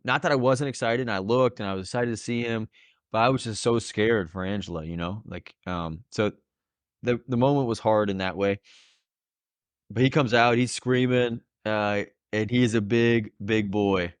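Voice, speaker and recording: A man's voice: fairly low pitch, normal speed, clear, resonant tone, no echo. A young man casually telling a personal story on a podcast, earnest and emotional and laughing often. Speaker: podcast host, new father.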